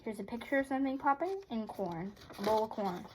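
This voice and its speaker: Eager student with faint background noise. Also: female voice, a little high, lively intonation, fairly quick, darkish tone, low-quality recording.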